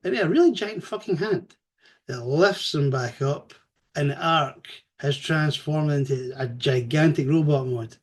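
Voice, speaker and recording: A man giving a casual spoken review, animated and chatty, swearing freely as he retells the story. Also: on the high side.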